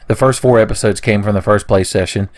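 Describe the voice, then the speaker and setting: A man's voice: fairly low pitch, steady tone, fast talker. A young man doing casual let's play commentary, rambling into goofy, profane rants. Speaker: gaming commentator.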